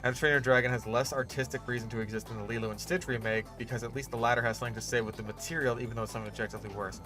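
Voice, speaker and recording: A man's voice: medium pitch, fairly even intonation, racing, over music. A man doing casual, ranting commentary as a gaming YouTuber while he builds a park, sarcastic and profane.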